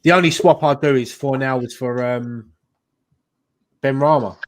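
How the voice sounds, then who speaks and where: A man co-hosting a fan show. He teases the others in a jokey way and laughs easily. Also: mid-range voice. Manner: jokey, teasing, quick to laugh. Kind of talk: casual pub-style banter.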